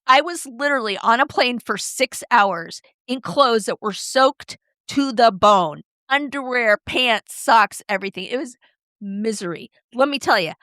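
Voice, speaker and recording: A middle-aged woman co-hosting a podcast, chatting casually and expressively with quick shifts in tone. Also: fairly high pitch, fairly bright tone, dry recording, studio quality. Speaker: podcast co-host. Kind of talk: casual chat.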